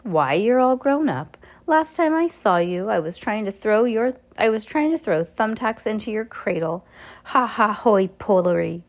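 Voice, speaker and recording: A greedy, cruel villain sneers and mocks his captives, breaking into little giggled asides, as a woman reading a storybook aloud puts him on. The voice sits rather low for a woman's range. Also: fairly even intonation, a little fast, darkish tone, natural voice. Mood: sneering. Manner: giggling "tee hee" asides, mocking.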